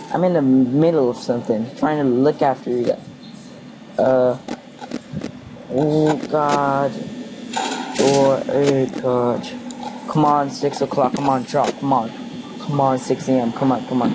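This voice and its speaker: Young man pleading through a horror game. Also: medium pitch. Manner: anxious, pleading, rambling chatter. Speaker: gaming video host. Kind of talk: casual let's play commentary. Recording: home recording with steady background noise.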